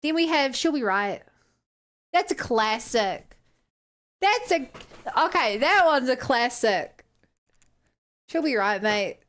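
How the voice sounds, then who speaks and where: Young woman, New Zealand accent, streamer chatting, unhurried, slightly high voice, playful. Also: lively intonation, fairly bright tone. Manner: playful, exclaims in disbelief, laughs. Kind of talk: casual stream chat, reading chat.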